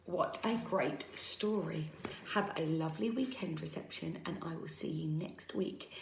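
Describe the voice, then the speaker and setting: A woman teacher reading a story aloud to young children, expressive and lively. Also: low-pitched, unhurried, vocal fry, recorded from a distance, a little hiss or hum. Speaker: primary school teacher. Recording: roomy echo.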